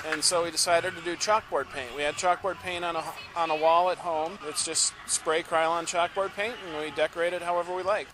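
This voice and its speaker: A man, a father and art car owner, telling the story of his car in a relaxed way outdoors. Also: a little high, noisy background. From Saint Paul area, USA. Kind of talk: casual interview outdoors. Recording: outdoor interview with loud music behind.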